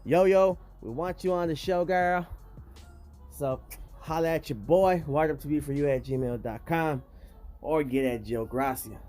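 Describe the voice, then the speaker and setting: A man hosts a casual commentary vlog, speaking straight to his viewers with emphatic, slangy street talk. His voice sits a little high and sounds mellow. Faint music plays behind him. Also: measured pace. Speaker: host.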